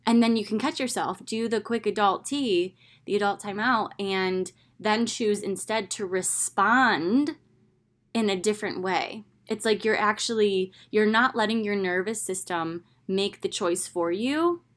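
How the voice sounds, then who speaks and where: A young woman hosts a casual self-help talk in a candid, animated way. She slips into her own inner voice now and then. Her pitch sits in a middle range. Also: a little slow.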